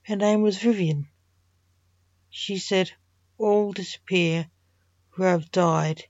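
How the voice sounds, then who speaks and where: A woman author reading her own dark, poetic story in a slow, measured way, in a dull lo-fi recording. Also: mid-range voice, fairly even intonation, no room sound.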